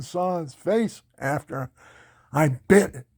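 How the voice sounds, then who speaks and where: Gravelly man telling his life story. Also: mid-range voice, measured pace, no echo, clean studio sound. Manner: laughs often, animated and boastful. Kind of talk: personal storytelling testimony.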